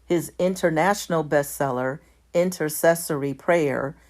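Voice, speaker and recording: Low-pitched and a little mellow, a woman commentator reads slowly and deliberately, voicing formatting cues like "all caps" and "lowercase." She occasionally corrects herself in small ways.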